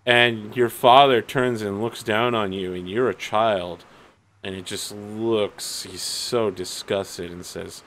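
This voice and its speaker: Slow, low-voiced male game master. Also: fairly even intonation, fairly bright tone, a little hiss or hum, rough recording. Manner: dramatic, deliberate narration. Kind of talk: narrating a tabletop game.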